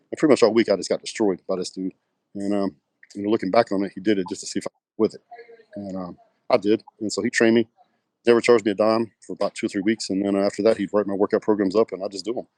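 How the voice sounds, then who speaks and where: This is a guest pro bodybuilder, a middle-aged West Texan with a Texan accent, whose fairly low voice has a darkish tone on a dry recording. Chatting casually in an interview, he tells meandering, filler-laden anecdotes and acts out the dialogue in them.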